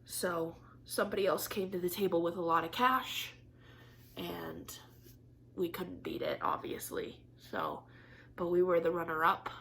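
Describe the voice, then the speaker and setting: A woman's voice: on the low side, big pitch swings, a little slow, creaky, a bit bright, slight background noise. A young woman chatting candidly to camera in a craft vlog, swearing casually and laughing often, teary and disappointed. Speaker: craft vlogger.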